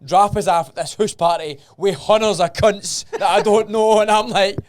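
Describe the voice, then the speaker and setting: Animated Scottish young man, sweary. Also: sits high, moderate pace, no echo. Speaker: podcast host. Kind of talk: casual chat.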